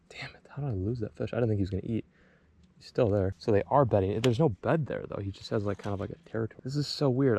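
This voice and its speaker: A man vlogging while fishing from a boat on a lake, rambling casually and breaking into excited exclamations. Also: on the low side. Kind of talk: casual vlog narration.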